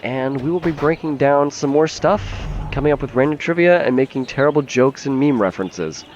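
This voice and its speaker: A man's voice: mid-range voice, brisk, darkish tone, muffled recording, slight background noise. A man giving casual, chatty gameplay commentary as a let's play host, swearing freely and laughing easily.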